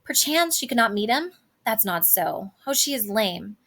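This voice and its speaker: A woman's voice: fairly high pitch, very animated, normal speed, a bit bright, exaggerated voice. A woman reading the lines of an impatient, lovesick teenage girl from a play, eager and pleading.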